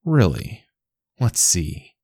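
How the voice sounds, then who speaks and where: A man's voice: deep voice, big pitch swings, extremely slow, gravelly, mellow, husky, no room sound, studio quality, heavily acted. Man doing a rude, scornful fairy penguin. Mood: bossy. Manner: curt, scornful, bossy.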